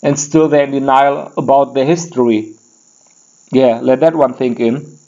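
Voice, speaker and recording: A man's voice: mid-range voice, fairly even intonation, unhurried, mellow, natural voice. A crude, opinionated German man, put on by a male podcaster, rambles through an unscripted comic rant in a thick put-on German accent. He swears constantly and keeps restarting his sentences. His mid-range voice comes through a dull, lo-fi recording. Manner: profane, rambling, frequent restarts. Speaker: podcast host.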